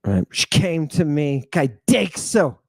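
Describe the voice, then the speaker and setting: A man's voice: a little high, very animated, slow, no room sound. A man giving an impassioned lecture on ancient texts. He talks emphatically, repeats his phrases and keeps checking with "right?".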